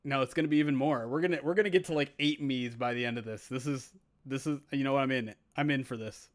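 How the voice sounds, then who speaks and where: A man streaming a football video game simulation, chatting casually with viewers, laughing at himself and calling the plays. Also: medium pitch. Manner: chatty, self-mocking, quick to laugh. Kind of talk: casual live-stream chat and play-by-play.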